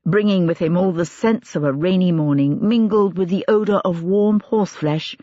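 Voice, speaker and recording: An audiobook narrator reads at a measured, steady pace with a slightly husky voice. The recording is dry, with no room sound, and a little dull in tone. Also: medium pitch, no room sound.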